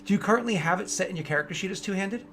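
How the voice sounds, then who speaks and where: A man with a fairly high voice runs a tabletop role-playing session. He explains the rules loosely and chattily, then launches into vivid, excited narration of every blow. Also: very fast, slight background noise. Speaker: game master. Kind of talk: running a tabletop game session.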